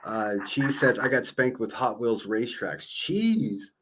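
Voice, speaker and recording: A man's voice: mid-range voice, expressive, a little slow, a bit bright, slightly rough. A man hosting a call-in livestream, chatting casually, laughing often and stumbling over repeated words.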